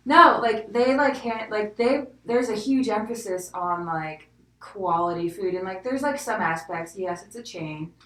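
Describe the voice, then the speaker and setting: A young woman with a slight Southern American accent co-hosts a podcast, her medium-pitched voice unhurried as she rambles and giggles, dropping "like" constantly. She sits off-mic in an echoey room, so she sounds distant against a noisy background.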